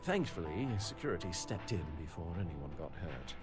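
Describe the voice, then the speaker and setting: A man's voice: deep voice, big pitch swings, normal speed, music in the background. An actor playing a polite, formal male restaurant staffer in a video game, speaking with courteous, precise wording. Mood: recounting.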